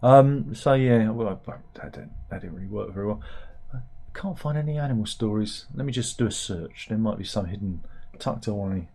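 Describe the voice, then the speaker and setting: Uk guy doing a jokey news roundup, rambly and wry, kinda dark husky voice. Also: lowish voice, fairly quick, hardly any pauses. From United Kingdom. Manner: rambling, wry, talks to himself with fillers and restarts. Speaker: satirical news show host. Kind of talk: casual comic news commentary.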